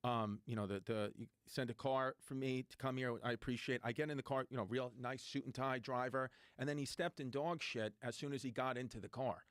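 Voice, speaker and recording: A man's voice: medium pitch, fairly quick, few pauses, clean tone, dry recording, studio quality. A man, telling stories in a casual chat and acting out the people in them. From New York. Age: 30s. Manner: animated storyteller, acts out quoted voices, swears freely.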